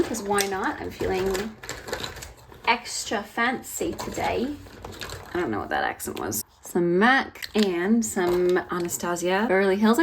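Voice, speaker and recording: A woman's voice: mid-range voice, slight background noise. Gushing chatty young woman vlogger. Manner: gushing, chatty, easily excited. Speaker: vlogger and ballet teacher. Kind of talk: casual makeup vlog chat. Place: home, sitting on the floor.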